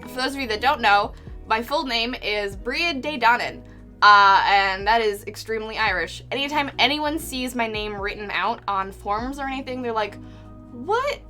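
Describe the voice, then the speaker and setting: A woman's voice: fairly high pitch, bright, forceful tone. A young woman streaming live while painting, chatting casually, reading out chat messages with lots of fillers and little laughs.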